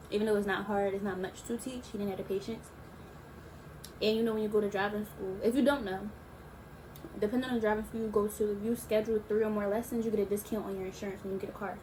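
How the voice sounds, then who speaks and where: A woman's voice: medium pitch, fairly even intonation, darkish tone, a little hiss or hum, low-quality recording. Chatty young woman telling a story. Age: young adult. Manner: chatty, slangy, drawn-out asides. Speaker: YouTuber. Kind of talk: casual storytime vlog.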